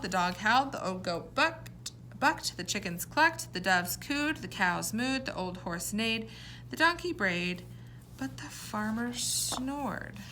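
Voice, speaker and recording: A woman teacher reading a poem aloud to young children and explaining words in a clear, encouraging way. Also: medium pitch, bright, forceful tone, slight background noise.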